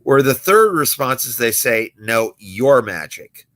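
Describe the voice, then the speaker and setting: A man's voice: medium pitch, big pitch swings, a little slow, fairly bright tone. A young adult man, a magician hosting a late-night livestream, chatting casually and acting out the people in his stories. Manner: storytelling, acting out quoted people.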